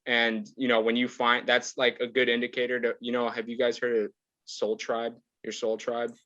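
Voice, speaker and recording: A man's voice: medium pitch, monotone, moderate pace, bright, forceful tone, dry recording. Laid-back young man, dry muffled sound. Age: 20s. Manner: laid-back, rambling, laughs often. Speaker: podcast guest. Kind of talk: casual chat.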